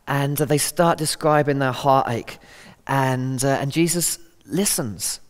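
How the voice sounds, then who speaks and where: A man's voice: mid-range voice, unhurried, long reverb tail. A middle-aged man giving a conversational, earnest sermon talk, acting out quotes as he goes. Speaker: Christian speaker.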